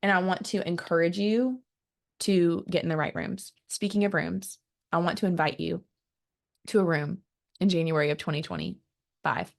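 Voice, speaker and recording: A woman marketing coach giving an energetic motivational business talk, speaking straight to her audience and often restarting her words. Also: on the low side, normal speed, vocal fry. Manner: energetic and emphatic, acts out quoted voices; repeats words when restarting, direct to the audience.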